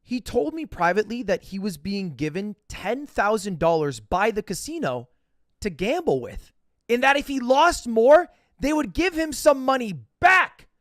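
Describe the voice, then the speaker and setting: Animated high-voiced man telling a story. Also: normal speed, no room sound, studio quality. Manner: animated, profane, self-mocking. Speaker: podcast host telling a story. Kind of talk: casual storytelling.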